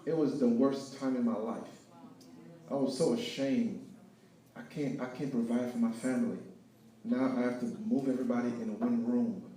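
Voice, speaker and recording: A man telling his story of failure and faith as a speaker at an event, preaching with lively swings between loud and hushed. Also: medium pitch, moderate pace. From Haiti. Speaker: guest speaker. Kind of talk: inspirational testimony talk. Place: event hall with live audience. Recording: echoey hall, picked up from far off.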